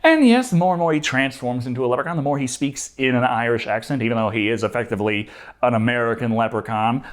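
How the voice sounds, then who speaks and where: Sarcastic dude doing a movie review, voice bounces all over the place. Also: male voice, medium pitch. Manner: sarcastic, jokey. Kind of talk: comedic movie review narration.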